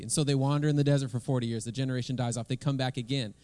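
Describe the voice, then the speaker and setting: A man, a pastor, leading prayer and preaching a sermon in a relaxed, conversational way. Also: medium pitch, racing.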